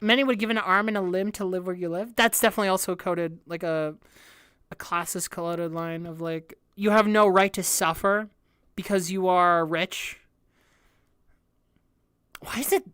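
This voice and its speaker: Smooth-voiced young woman streamer. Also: fairly low pitch, fairly even intonation, normal speed, long pauses, a bit bright, no echo, studio quality. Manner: thinks aloud, hesitant restarts, frequent laughs, swears. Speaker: streamer reacting to an album. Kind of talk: casual reaction stream, reading lyrics aloud.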